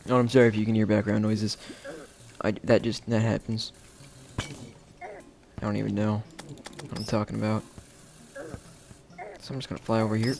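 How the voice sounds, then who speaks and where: A man casually narrating his own gameplay as the host of a game video, chatty and playful, with sudden excited shouts. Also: lowish voice, normal speed, vocal fry, long pauses.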